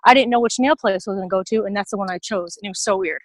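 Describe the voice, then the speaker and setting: Woman, out of breath, rapid storyteller, acts out quotes, video call, dry sound. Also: mid-range voice, no echo, low-quality recording. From New York area. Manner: fast animated storyteller acting out quotes. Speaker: team member sharing a story. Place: outdoors in a garden.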